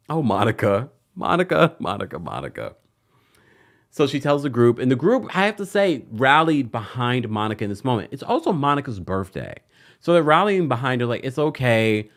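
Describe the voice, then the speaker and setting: A man's voice: medium pitch, fairly bright tone. A man hosting a casual reality TV recap, chatty and gossipy, with playful asides. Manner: acts out the cast's lines in put-on voices.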